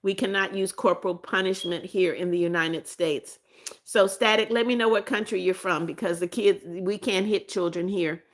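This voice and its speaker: Speaking in a mid-range voice at a moderate pace, a woman who once taught runs a relaxed live stream. She reads out comments from viewers and responds, with frequent restarts and repeated greetings.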